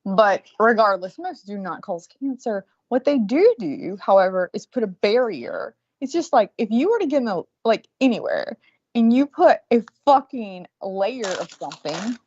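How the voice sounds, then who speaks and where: With a medium pitch, big swings in intonation, normal speed, and a slightly mellow tone, a woman in her forties tells swear-laden stories while co-hosting a chatty podcast. There's no room sound, but the audio is muffled and lo-fi.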